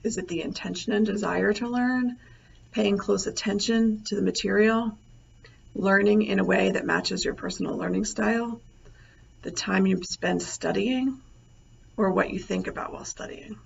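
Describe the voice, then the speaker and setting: A woman lecturer recording a lesson over slides, relaxed and thinking aloud with many fillers. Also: mid-range voice, moderate pace, vocal fry. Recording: slightly dull, faint noise.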